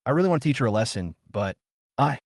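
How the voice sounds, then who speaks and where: A man's voice: mid-range voice, sing-song, fast, creaky, no room sound, clean studio sound. A man reading a weary young mother. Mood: worried.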